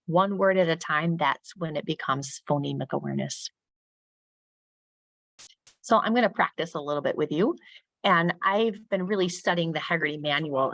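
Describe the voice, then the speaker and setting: A middle-aged woman with a low voice leads a training talk for teachers, recorded dry and close. She sounds out phonemes slowly and crisply, and her voice climbs when she acts out questions to a class. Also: no echo. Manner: models speech sounds slowly and crisply, rising when addressing pupils. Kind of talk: professional development talk for teachers.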